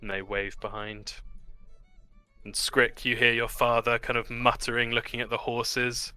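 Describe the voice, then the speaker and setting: A man's voice: mid-range voice, little pitch movement, measured pace, sharp tone, clear, resonant tone, faint music behind. A man narrating a tabletop game as game master, telling the story loosely with many fillers.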